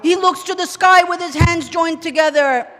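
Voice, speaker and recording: Impassioned preacher, high bright voice. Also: male voice, normal speed. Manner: impassioned, often shouting, chanting Arabic lines. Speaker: sheikh. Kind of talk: Ashura majlis sermon. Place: large mosque hall. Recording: long hall reverb.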